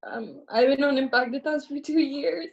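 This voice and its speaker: A young woman on a video call, choked up and tearful, giving a halting thank-you speech. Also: high-pitched, gravelly, highs cut off. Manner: halting, repeats herself. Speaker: program participant.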